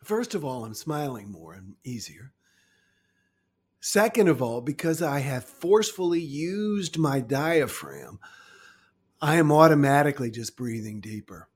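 Slow, husky-voiced man coaching listeners. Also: mid-range voice. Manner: calm, coaching listeners through exercises. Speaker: wellness guide. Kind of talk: guided self-help talk.

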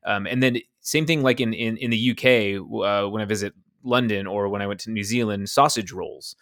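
Speaking fairly quickly in a lowish, slightly bright voice, this man co-hosts a podcast and chats casually. He keeps rambling and doubting himself, looping back around his own points.

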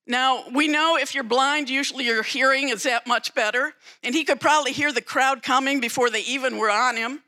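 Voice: high voice, brisk, hardly any pauses, pushed and bright. A preacher giving a sermon, retelling a story dramatically with emphatic repetition.

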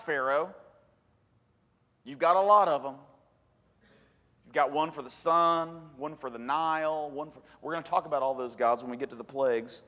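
A man preaching a sermon as a pastor, animated, with joking asides and sudden loud emphasis. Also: on the high side, moderate pace, pauses often, big-room sound.

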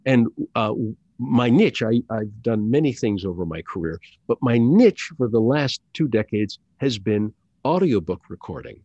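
A middle-aged man talks very slowly and carefully, pausing on fillers and restarting phrases as he works through his thoughts. The recording sounds dull and lo-fi, with a dry, close sound and no room echo. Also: medium pitch, lively intonation, a little mellow, slightly rough. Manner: slow, deliberate, hesitant with many fillers and restarts. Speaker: commercial actor and audiobook narrator, guest. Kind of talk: conversational interview.

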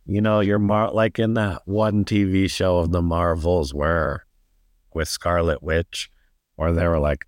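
Blunt, low-voiced man on a podcast. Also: little pitch movement, unhurried, dry recording, studio quality. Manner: blunt, matter-of-fact, a bit defensive. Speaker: podcast co-host. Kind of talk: casual movie review chat.

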